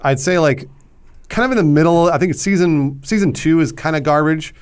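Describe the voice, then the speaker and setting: A man's voice: a little high, brisk, clean tone. A man on a movie podcast, giving his opinions hesitantly with many restarts. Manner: hesitant, full of restarts and fillers. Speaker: podcast co-host. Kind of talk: casual movie chat.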